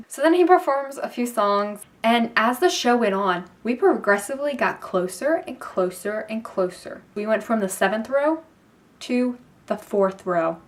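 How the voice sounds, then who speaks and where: A young woman vlogging, telling a story in a gushing, excited way with lots of fillers. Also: mid-range voice, moderate pace. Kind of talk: casual storytelling to camera.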